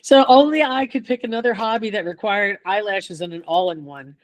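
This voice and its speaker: An older woman guest chatting in a relaxed way, telling lively stories and laughing often. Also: medium pitch, brisk. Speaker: guest chorus singer. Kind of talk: casual storytelling chat.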